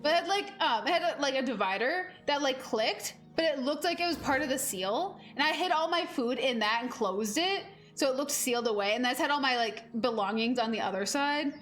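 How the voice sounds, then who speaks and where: Young woman gamer rambling on stream, high voice, swears a lot, faint music under it. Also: fairly quick, few pauses. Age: 20s. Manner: rambling and animated, heavy on fillers, swears freely. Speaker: game streamer. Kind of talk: casual gameplay chat.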